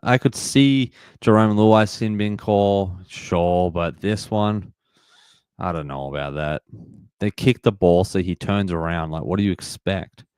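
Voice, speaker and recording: A man's voice: low voice, a little slow, darkish tone, clear, resonant tone, dry recording. Man, young adult, live watch-along host, frustrated reactions, dry close recording. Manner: frustrated, reacts to plays and reads chat aloud. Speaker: livestream host.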